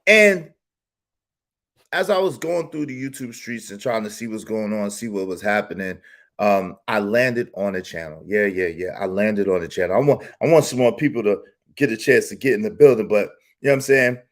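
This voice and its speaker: A man hosting a casual live stream, telling a story in an animated, slangy style with lots of repetition. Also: lowish voice, normal speed. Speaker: YouTube live stream host.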